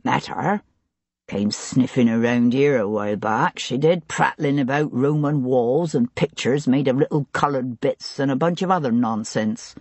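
A woman narrator voicing a gruff, stocky, scarred male tavern keeper and ex-soldier with a West Country accent, in a surly, taunting manner. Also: a bass voice, normal speed, darkish tone, dry recording, pitched below the performer's own voice, full character voice. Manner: surly, taunting, clipped dialect.

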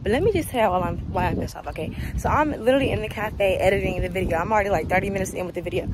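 Talking very fast at medium pitch, a young woman chats to her camera after a long walk, breathless, laughing often, and saying "y'all" repeatedly. There's a noisy background behind this casual vlog.

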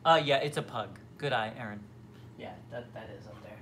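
A man's voice: mid-range voice, normal speed. A young man chats through a casual livestream from his kitchen at home, answering viewers' comments as they come. He rambles and restarts his sentences, with plenty of ums. A faint hum runs under the home recording. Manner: chatty, rambling, many fillers and restarts. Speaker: livestream host. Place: home, near the kitchen fridge.

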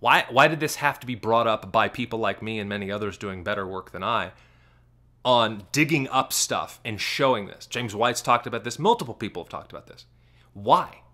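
A man giving commentary on a clip, asking sarcastic rapid-fire questions. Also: on the low side, animated, sharp tone.

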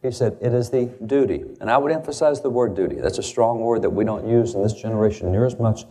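A man from the United States speaks fast in a lowish, dark voice, giving a lecture-style talk on the founders. He's emphatic, quoting old documents and stressing key words.

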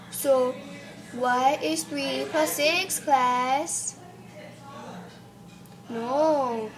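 A woman voicing a bossy, scolding female schoolteacher in a put-on British accent, loud and exasperated. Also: high-pitched.

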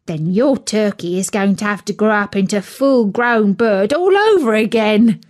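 A woman's voice: medium pitch, expressive, normal speed, lightly acted. A woman voicing a skeptical female penguin in a storybook, drawling and unimpressed. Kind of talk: storybook reading.

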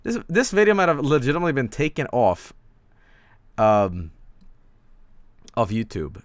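A man's voice: medium pitch, no echo. Rambling, stammering male streamer. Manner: rambling, stammering, laughing often. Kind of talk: casual live-stream chat.

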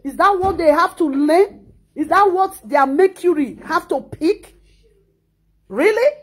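A Nigerian woman in her thirties speaks in a high voice and a Nigerian Pidgin accent. She scolds with passion and repeats her words as she reacts to the news. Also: lively intonation, unhurried. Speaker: social media commentator. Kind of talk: emotional reaction monologue.

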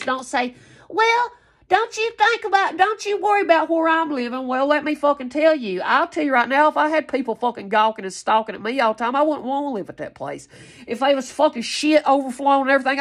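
Lady going off on her viewers, cussing a lot, gravelly voice a bit high. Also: fairly bright tone. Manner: heated, profane, confrontational. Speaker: tarot reader vlogger. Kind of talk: angry rant to viewers.

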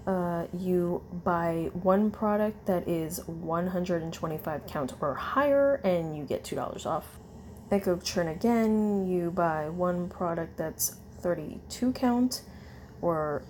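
A woman in casual chat, reading a long list of coupons in a slow, tired way, with fillers and self-corrections. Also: lowish voice, darkish tone, a little hiss or hum. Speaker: vlogger.

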